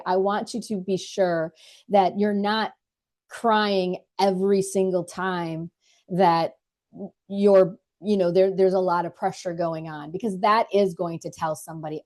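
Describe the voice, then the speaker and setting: A woman coaching listeners in a casual podcast monologue, earnest and direct. Her voice sits a little low and sounds mellow and warm. She often doubles back on her words mid-thought. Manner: earnest, direct, repeats words while thinking. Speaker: leadership podcast host.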